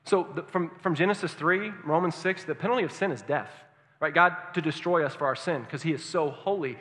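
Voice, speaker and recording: A male pastor preaching a sermon, asking the congregation questions and swinging from hushed tones to loud emphasis. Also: on the high side, brisk. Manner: engaging, asks the congregation questions. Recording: long hall reverb.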